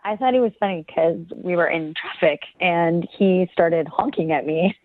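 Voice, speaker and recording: A woman's voice: on the low side, normal speed, no echo. A woman on a phone call to a radio show, giggly and a bit hesitant as she describes a date. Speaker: caller. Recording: tinny phone line.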